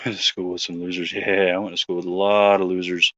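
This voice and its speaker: A man's voice: deep voice, little pitch movement, fast talker, pushed and bright, dry recording, highs cut off. A man, hosting his own show, telling a story in a rambling, laid-back chat full of fillers. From Georgia, USA. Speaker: host.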